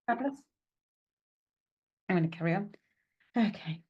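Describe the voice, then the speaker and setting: A woman with a lowish, breathy voice and lively intonation gives a live psychic mediumship reading at normal speed, chatty and reassuring, full of "okay" and "right" fillers. She mocks herself and laughs at her own expense, and the sound is lo-fi.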